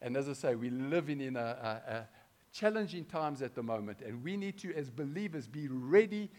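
A man preaching a sermon, swinging between loud and hushed delivery and often asking the congregation questions. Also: mid-range voice, lively intonation, brisk.

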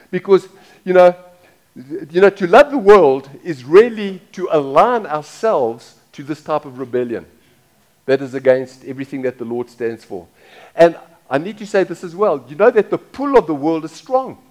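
A man's voice: a little high, darkish tone. A middle-aged man preaching a sermon as pastor, talking casually, repeating phrases and asking the congregation questions.

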